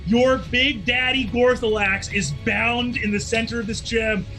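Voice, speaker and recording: A man narrating a tabletop game as game master, excitable and cheering his players on. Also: very high voice, unhurried, faint music behind.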